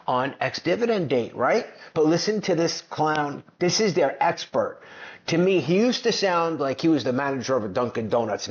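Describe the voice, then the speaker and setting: A man with a slightly raised pitch delivers combative, mocking finance commentary. He boasts and jeers between clips. The sound is dull and lo-fi.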